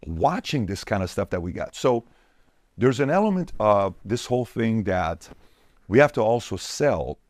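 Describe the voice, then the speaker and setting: Emphatic entrepreneur guest, low-pitched, dry close mic. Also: male voice, a little mellow, no room sound. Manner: emphatic and repetitive, punchy lists. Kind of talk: podcast interview answers.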